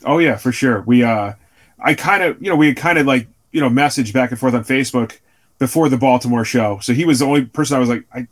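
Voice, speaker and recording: A man guesting on a podcast, talking casually with many fillers and hedges. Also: mid-range voice. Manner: fast, hedging talk with many fillers. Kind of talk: casual chat.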